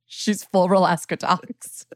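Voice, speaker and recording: A woman's voice: on the low side, sing-song, takes it slowly, vocal fry, no echo, studio quality. A woman co-hosting a podcast in casual chat, reacting and laughing easily. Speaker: podcast co-host.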